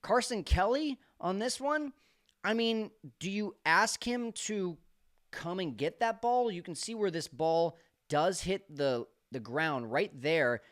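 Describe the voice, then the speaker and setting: A man giving an excited, emotional breakdown of a baseball game, swinging from low mutters to loud shouts. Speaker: baseball commentator.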